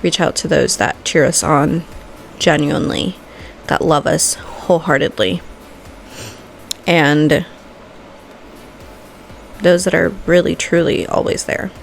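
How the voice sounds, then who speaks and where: A woman's voice: low voice, steady tone, slow, creaky, long pauses, soft background music. A woman hosting a makeup vlog, giving a heartfelt, emotional motivational talk with casual swearing. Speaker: vlogger and makeup host.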